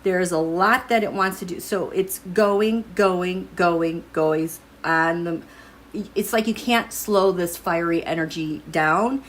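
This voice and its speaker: A woman's voice: on the low side, slow pace. A woman giving a casual tarot and astrology reading to her viewers, musing aloud as she turns over cards. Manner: musing, thinking aloud while drawing cards.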